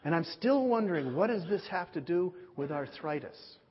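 A man preaching a sermon, telling a story in a lively way and acting out the voices of the people he quotes. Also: fairly high pitch, normal speed. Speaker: pastor. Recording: dull lo-fi audio with long hall reverb.

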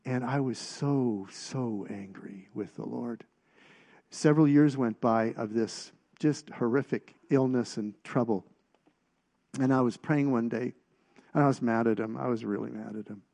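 A middle-aged man preaching a personal testimony, telling stories with halting restarts and getting louder at the punchlines. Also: mid-range voice, vocal fry. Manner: storytelling, halting restarts, rises in volume at punchlines.

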